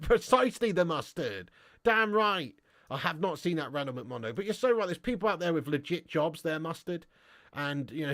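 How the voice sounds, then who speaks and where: A man's voice: on the high side, no echo, clean studio sound. A man hosting a live stream, reading viewer comments and ranting bluntly with lots of swearing. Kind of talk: casual live-stream chat.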